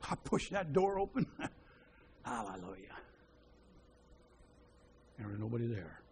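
A man preaching a sermon, telling a story and acting out the voices in it, dropping to a hushed voice when he quotes a prayer. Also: mid-range voice, fast talker, a little hiss or hum. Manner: animated storyteller who acts out the dialogue.

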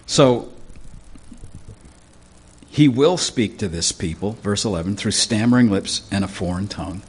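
A man preaching a sermon, reading scripture verse by verse and explaining it in a casual, conversational way, clearing his throat now and then. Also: fairly low pitch, lively intonation, measured pace. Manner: teaching through scripture verse by verse, conversational asides.

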